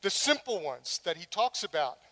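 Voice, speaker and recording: Speaking at a moderate pace with a fairly low pitch, a middle-aged woman preaches a sermon through lively storytelling. She dramatizes scenes with flair and tosses in wry humor between her points.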